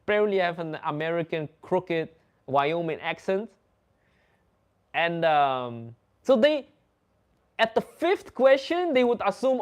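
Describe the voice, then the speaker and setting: This livestream host, a native Dutch speaker, tells casual anecdotes in English in a fairly high, very animated voice. He's unhurried, pauses frequently, laughs often, and imitates others' dialogue.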